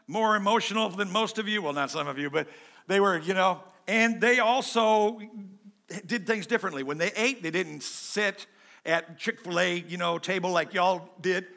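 A pastor preaching a sermon in a joking, conversational way, swinging between loud and soft. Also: male voice, high voice, gravelly.

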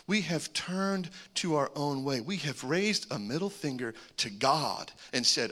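A man preaching a sermon, animated, with joking asides and swings between loud calls and hushed remarks. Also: on the high side, measured pace, few pauses. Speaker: pastor.

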